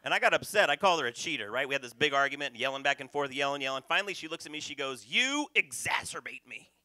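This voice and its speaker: Bright-voiced man doing stand-up. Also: mid-range voice, racing, dry recording. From North Carolina, USA. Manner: punchy, loud crowd work. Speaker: stand-up comedian. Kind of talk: stand-up comedy set. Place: comedy club stage.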